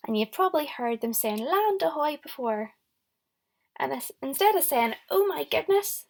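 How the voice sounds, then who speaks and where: A young woman teacher with a fairly high voice and a gravelly edge records a lesson for small children. She is encouraging and speaks straight to them, praising their answers as she goes. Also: lively intonation, moderate pace. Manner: encouraging, talks directly to the children. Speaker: primary school teacher.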